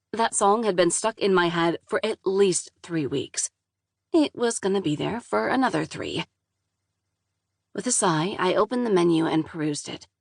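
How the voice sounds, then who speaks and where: A woman's voice: lowish voice, vocal fry, dry recording, clean studio sound. A woman narrating a first-person novel in a wry, exasperated voice, with casual swearing. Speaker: audiobook narrator.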